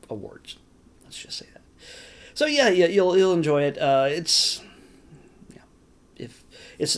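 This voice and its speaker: A man's voice: medium pitch, creaky. A man casually reviewing a movie for his channel, rambling with lots of fillers, restarts and caveats. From California. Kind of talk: casual spoken film review.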